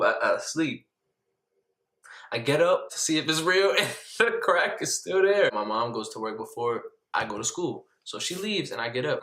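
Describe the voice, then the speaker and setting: Animated young man telling a story. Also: reverberant. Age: young adult. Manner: dramatic, jumps to high pitch when excited. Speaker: vlogger.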